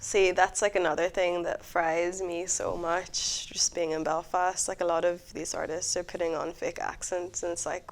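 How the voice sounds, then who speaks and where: A woman's voice: fairly low pitch, flat delivery, normal speed, hardly any pauses. A woman in a casual interview, speaking frankly and scornfully with slang.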